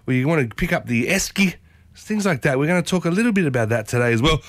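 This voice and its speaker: An Australian man in his thirties hosts a morning radio show, his voice husky from a sore throat. He talks in a playful, energetic, chatty way. The studio sound is dry and close. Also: on the high side, fast, dry recording. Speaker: radio host. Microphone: studio microphone.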